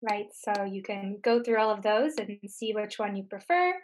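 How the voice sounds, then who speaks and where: A woman tech tutor giving a screen-share software lesson, explaining each step patiently. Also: mid-range voice, moderate pace, slight background noise. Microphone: computer mic on a recorded webinar.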